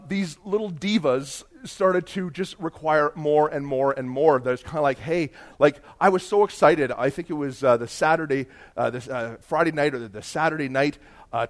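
A man preaching a sermon, telling a story and rising into loud emphatic bursts. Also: on the high side. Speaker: pastor.

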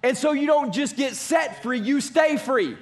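A pastor with a strikingly high-pitched male voice preaches a sermon emphatically, driving his points home with repeated phrases as though in a church. He sounds animated and talks a little slowly.

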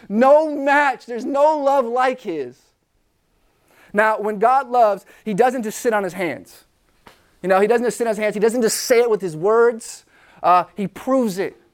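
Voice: mid-range voice, measured pace. Impassioned preacher speaking to students. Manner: impassioned, emphatic, repeats key phrases; talks directly to the listeners, with questions. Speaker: youth preacher. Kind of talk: sermon.

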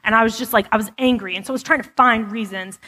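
Speaking fast with a fairly high, sharp voice, a woman shares her personal testimony at church. She's candid and casual, using many fillers, and the sanctuary adds a long hall reverb.

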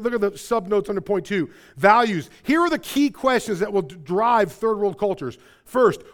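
A man with a Chicago-area accent preaching a sermon, swinging between loud emphatic bursts and quiet low passages, often repeating words as he presses a point. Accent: Chicago-area American. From American Midwest. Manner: stumbles and repeats words when excited. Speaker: pastor.

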